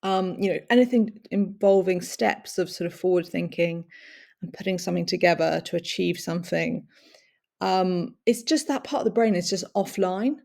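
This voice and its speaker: A woman speaking at length from her own experience, her voice low and gravelly with a lot of fry. She talks reflectively, pausing to search for words and breaking into soft laughs now and then. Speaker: speaker sharing personal experience. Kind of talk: long-form personal talk.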